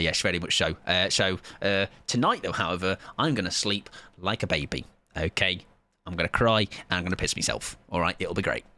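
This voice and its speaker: A man's voice: low-pitched, pushed and bright. A tired young man rambling playfully and mocking himself while he comments on a game he is playing live. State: tired, sleep-deprived. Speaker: streamer.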